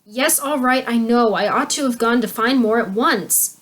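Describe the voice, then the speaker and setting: A woman's voice: on the high side, normal speed, a bit bright. A woman voicing a defensive young apprentice magician, the heroine's older brother. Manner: defensive, grudging.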